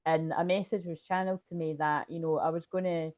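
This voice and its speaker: Scottish woman tarot reader, lowish voice, rambling casual livestream chat from home. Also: fairly even intonation, fairly quick, darkish tone. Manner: rambling, chatty, laughs often.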